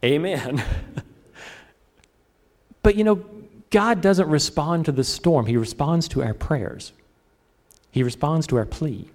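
A middle-aged man preaching a sermon, animated and joking, acting out his own prayers. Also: on the high side, slow, pauses often. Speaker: pastor.

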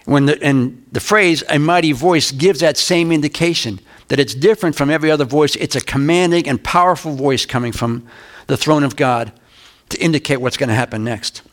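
With a voice a little on the high side, this older pastor teaches the Bible verse by verse, reading passages aloud at a slow pace and addressing the congregation in casual asides.

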